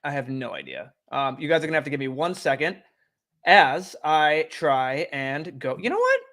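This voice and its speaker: A young man chats loosely on a live stream from home. He rambles in a friendly, unhurried way. His voice sits a little high and is picked up on a desk microphone. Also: huge pitch swings, pushed and bright. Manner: easygoing, rambling, chatty. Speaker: streamer and show host. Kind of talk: casual live-stream chat.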